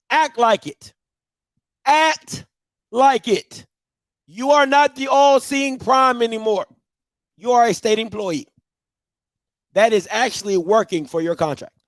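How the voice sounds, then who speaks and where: A man's voice: extremely high pitch, no room sound, clean studio sound. A man hosting a live talk show, giving emphatic commentary that repeats points and uses casual slang. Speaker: host.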